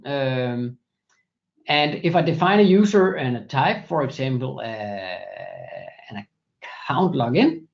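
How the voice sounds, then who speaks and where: A man presenting a software product in a screen-share demo, walking through steps methodically with frequent hesitations. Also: mid-range voice, wildly swooping pitch, takes it slowly, vocal fry, muffled recording. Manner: many fillers and restarts, methodical walkthrough.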